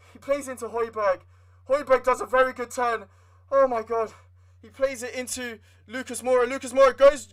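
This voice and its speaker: A young man giving live fan commentary on a football match, excitable and swinging from nervous muttering to shouting. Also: very high-pitched. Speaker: livestream football watchalong host.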